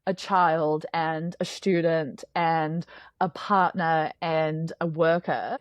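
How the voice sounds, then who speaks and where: A woman's voice: low voice, fairly even intonation, takes it slowly, no echo, highs cut off. A woman, a podcast guest talking candidly in a rambling way, often filling with "like". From New Zealand. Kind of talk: casual conversation.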